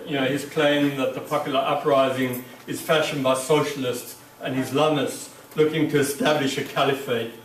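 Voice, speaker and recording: A man giving an academic conference talk, halting, with many fillers and restarts. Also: medium pitch, steady tone, background noise. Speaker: academic speaker. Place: lecture room. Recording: echoey room, mic far off.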